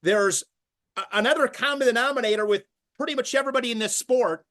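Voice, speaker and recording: Podcast host guy, enthusiastic, long rambling questions, speeds up then slows down. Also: extremely high pitch, fairly bright tone. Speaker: podcast host and wrestling broadcaster. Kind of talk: interview questions.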